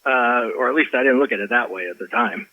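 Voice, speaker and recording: A man guest on a podcast, telling a personal story in an animated way, full of restarts. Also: mid-range voice, quick pace, no echo, highs cut off. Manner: animated, many restarts and fillers. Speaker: author guest.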